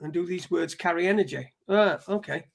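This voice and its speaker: A man's voice: high voice, fairly quick, vocal fry. A man co-hosting a casual talk show, joking around and swearing a lot. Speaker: podcast co-host. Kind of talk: casual chat.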